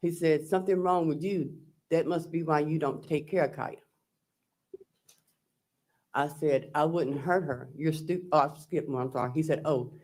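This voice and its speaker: A man's voice: on the high side, steady tone, normal speed, long pauses, a little mellow. A man testifying as a trial witness, recounting text messages and quoting what was said. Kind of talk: courtroom testimony.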